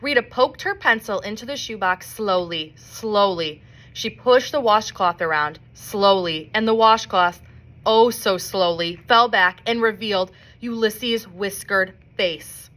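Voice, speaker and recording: A woman reading a children's novel aloud in an expressive storybook manner. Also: medium pitch, measured pace. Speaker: reader.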